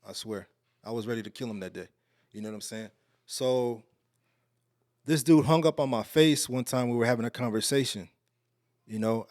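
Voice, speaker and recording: A man from Texas, a podcast guest, telling a story in a casual, slangy, animated way. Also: no echo, clean studio sound. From Alief, Houston, Texas. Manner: animated, slangy, getting louder and higher as the story builds.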